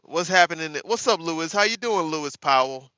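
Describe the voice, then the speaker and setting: Bright animated man hosting a livestream. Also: fairly high pitch, a little fast, clean tone, no echo. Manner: sarcastic, animated, addresses viewers as y'all. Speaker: livestream host. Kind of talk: casual live chat reading viewer comments.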